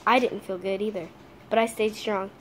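A teenage girl vlogging casually from her home kitchen, talking earnestly with halting restarts. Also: mid-range voice, fairly even intonation, fairly bright tone, slight background noise.

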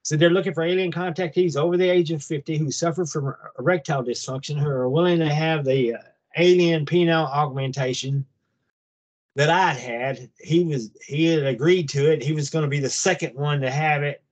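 A man over fifty telling a long personal story in a casual, halting way, full of restarts. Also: on the high side, steady tone, muffled recording. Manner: halting, rambling, with many restarts. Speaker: guest recounting an abduction experience.

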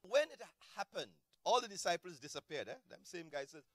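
Very high-voiced male pastor preaching. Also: brisk, no echo. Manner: animated preaching, swinging between shouted peaks and low quiet asides. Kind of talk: sermon.

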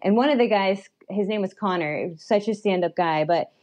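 A young adult woman telling a personal story as a podcast guest, animated and chatty, with lots of fillers and little laughs. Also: mid-range voice, moderate pace. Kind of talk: storytelling in a casual chat.

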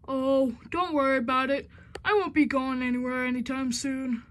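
A woman's voice: high-pitched, steady tone, moderate pace, natural voice. Woman doing a forgetful easygoing diesel engine. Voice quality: slightly gravelly.

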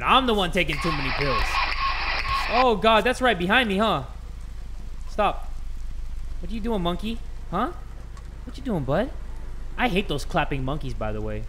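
A young man giving jumpy, joking commentary while playing a horror game at home, with loud outbursts. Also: high-pitched, big pitch swings, normal speed, slight background noise, rough recording. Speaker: gaming YouTuber.

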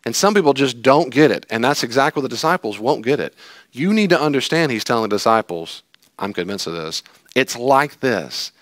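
A male pastor giving a lively sermon, telling stories and acting out voices with jokes. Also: mid-range voice, fairly quick, dry recording, clean studio sound. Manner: animated, jokey storytelling with acted-out voices.

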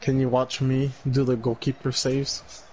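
A young man in casual gaming chat, excitable and teasing, full of loud exclamations. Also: medium pitch, a little slow, slight background noise. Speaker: gamer playing with a friend.

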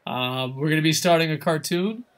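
Man, game streamer, high bright voice, excitable, swears a lot, self-mocking rambling. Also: normal speed. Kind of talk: casual live-stream chat while gaming.

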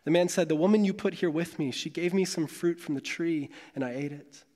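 A male pastor with a slightly high voice delivers his sermon in a measured, dramatic way, leaning into long pauses. His voice carries a lingering reverb from the hall around him. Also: mellow.

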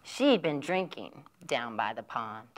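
A woman's voice: a bass voice, very animated, slow pace. A woman librarian reading a children's picture book aloud in a sing-song storytelling voice. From from the United States. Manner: sing-song storytelling with animal sound effects.

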